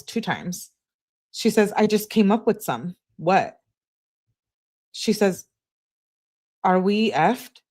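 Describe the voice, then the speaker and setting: A woman on a live stream reading text messages aloud in a steady voice, breaking off to answer her chat. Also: lowish voice. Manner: flat reading, asides to chat.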